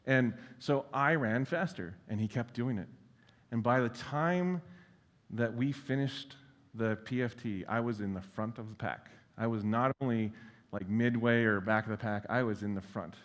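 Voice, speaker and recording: A keynote speaker with a medium-pitched voice talks at normal speed, keeping things casual and self-deprecating with plenty of filler words and frank profanity. The long reverb of the large conference hall colors the recording.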